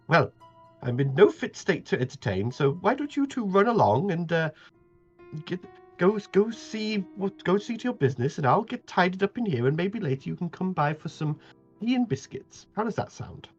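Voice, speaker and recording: Fussy, scolding old woman baker in a shrill falsetto, as a game master puts her on, dull recording with faint music behind. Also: sing-song, normal speed, breathy edge, heavily acted. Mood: motherly chiding. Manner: prim, chiding, high falsetto.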